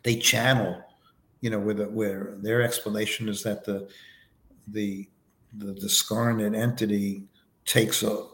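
A man with a lowish voice answers interview questions, drifting into loose personal anecdotes full of "you know"s. He speaks as a podcast guest, and the recording carries a noticeable roomy echo. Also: a little slow. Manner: relaxed anecdotal storytelling, many fillers. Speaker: podcast guest, foundation vice president.

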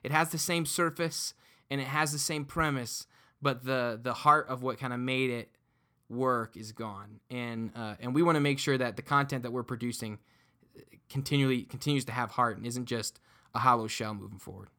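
Brief: podcast guest, man, earnest, trips over his words, bright voice. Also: medium pitch, steady tone, moderate pace. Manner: earnest, restarts and repeats words often. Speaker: podcast guest and dungeon master. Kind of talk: casual podcast chat.

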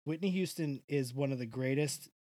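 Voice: medium pitch, normal speed, dark tone, no echo, studio quality. A podcast co-host in casual chat, ranting with passion and swearing a lot.

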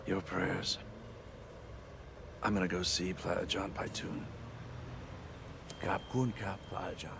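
An actor voicing a grim male action hero in a hushed, whispery voice, from a film clip. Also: low voice, flat delivery, slow pace, long pauses, full character voice. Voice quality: whispery, gravelly. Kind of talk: film dialogue. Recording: noisy film soundtrack clip.

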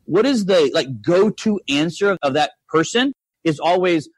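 A man's voice: fairly high pitch, expressive, moderate pace, husky, no echo. A man talking money on a podcast, emphatic, full of rhetorical questions. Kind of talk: casual podcast chat.

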